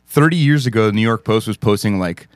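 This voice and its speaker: A man's voice: lowish voice, fast, smooth, no echo, clean studio sound. A man co-hosting a podcast in casual chat, profane and joking as he riffs on pop culture. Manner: profane, joking, animated riffing. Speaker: podcast co-host.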